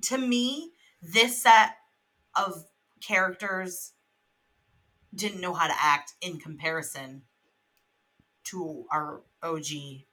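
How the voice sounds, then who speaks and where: A young adult woman co-hosting a podcast in casual chat. She is animated, swears freely and laughs often. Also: on the low side, takes it slowly, long pauses, poor audio. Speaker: podcast co-host.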